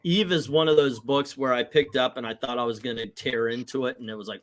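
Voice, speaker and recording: A middle-aged man hosting a casual comic book livestream, animated and acting out quotes in little voices. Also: mid-range voice, fairly quick, hardly any pauses. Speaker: comic book show host.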